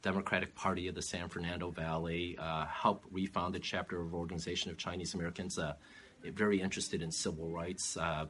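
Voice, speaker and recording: A man with a very low, deep voice gives calm, measured interview answers, pausing often on "uh" as he builds his points. A faint room ambience sits quietly behind him. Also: slight background noise. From California. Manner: measured, steady, with many "uh" fillers. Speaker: political candidate.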